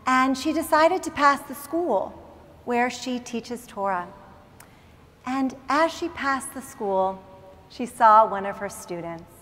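Woman rabbi telling a story in a sermon, highish voice, slow and dramatic, big reverb. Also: expressive, fairly bright tone, a little hiss or hum. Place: synagogue sanctuary. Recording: long reverb in large hall.

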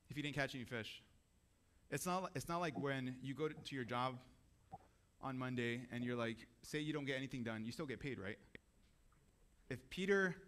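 Casting: a male preacher with a mid-pitched voice, casual and conversational in a church service. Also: fairly bright tone. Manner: casual, conversational, asks the audience questions. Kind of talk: sermon.

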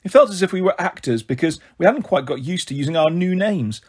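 Husky guy reading a kids' book out loud, steady, voice sits a bit high. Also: a little fast. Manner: steady first-person narration. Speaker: storyteller. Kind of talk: reading a children's novel aloud.

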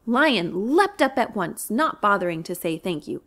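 Animated woman reading a children's story. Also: mid-range voice, measured pace. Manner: expressive, animated. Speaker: children's librarian. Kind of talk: storybook read-aloud for children.

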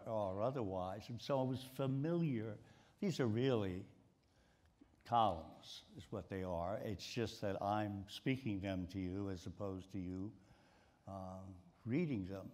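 A low-voiced older man with a mid-Atlantic American accent talks on a stage before a live audience. He tells stories in a rambling way and often repeats words as he goes. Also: darkish tone. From Baltimore, USA. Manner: storytelling, with frequent repeated words. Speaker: guest, sports writer. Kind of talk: stage conversation.

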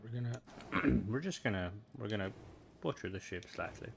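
A man's voice: lowish voice, animated, normal speed, gravelly, a little hiss or hum. A young Irish man chatting casually with viewers while streaming a game, rambling from one thought to the next. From Ireland.

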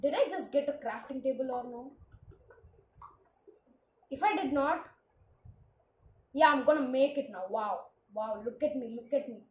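A woman hosting her own gaming channel, talking through her play in a casual, excitable commentary full of exclamations. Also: high-pitched, unhurried, pauses often, roomy sound, a little hiss or hum, low-quality recording.

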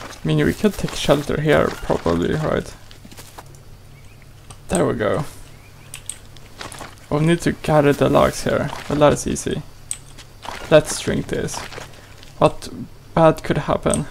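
Man, gaming host, playful let's play commentary, slightly high, gravelly, slow-paced. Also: slight background noise, poor audio. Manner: playful, exclaiming, talks to the game character.

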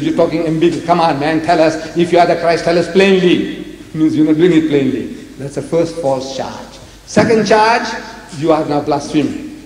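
Speaking to a live audience in a hall with long, echoing reverb and faint background noise, a man from South Africa lectures publicly, posing rhetorical questions and performing bits of dialogue. His pitch is fairly high, his tone a little mellow.

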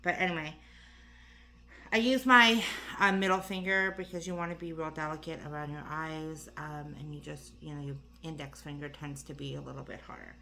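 A woman's voice: deep voice, fairly even intonation, moderate pace, gravelly, sharp tone. A tired, slightly breathless woman chatting casually through a makeup tutorial, rambling with lots of fillers and asides. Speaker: beauty vlogger.

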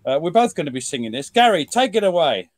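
A man's voice: on the high side, big pitch swings, fast talker, no room sound. A man, guest historian on a podcast, joking and laughing often in casual chat. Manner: jokey, self-mocking, laughs often. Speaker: guest, military historian and author.

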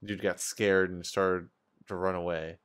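A man's voice: low-pitched, level tone, a little slow, a bit bright, clear, resonant tone. A man playing in a tabletop game, chatting in a laid-back, joking way. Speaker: player. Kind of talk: casual tabletop game banter.

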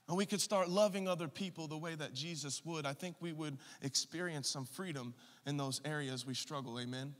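Thirties male pastor, passionate and forceful, in a reverberant church hall. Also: on the high side, brisk, hardly any pauses. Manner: passionate, swings from quiet storytelling to loud urging. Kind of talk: sermon. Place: church sanctuary.

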